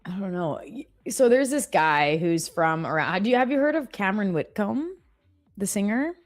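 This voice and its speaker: A woman's voice: medium pitch, expressive, moderate pace, faint music behind. A woman co-hosting a live trading stream, chatting casually, laughing and cheering her trades on.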